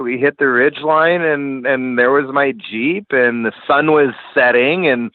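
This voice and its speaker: A man's voice: medium pitch, unhurried, few pauses, dry recording. A man in his forties, a guest telling a story in casual, profane and vivid talk. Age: 40s. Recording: tinny phone-like, dry.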